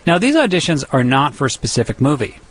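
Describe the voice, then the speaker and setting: Lively-voiced male radio reporter. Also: medium pitch, fast, low-quality recording. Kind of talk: scripted feature reporting with interview.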